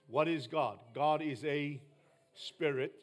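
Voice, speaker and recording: Male New preacher, high-pitched, emphatic sermon delivery with loud peaks and soft drops. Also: slow. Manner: emphatic, rising to loud bursts then dropping low.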